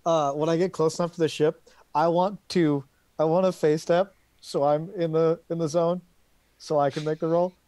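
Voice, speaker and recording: A man's voice: on the high side, steady tone, normal speed, warm tone, no echo. A man playing a tabletop game, chatting casually, playful and eager. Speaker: player.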